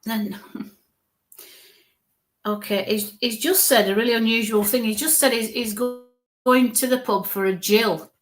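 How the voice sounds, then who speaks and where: A woman's voice: on the high side, normal speed. A woman from northern England with a Northern English accent, giving live spirit readings in a chatty, reassuring way, often repeating "okay" and "bless you".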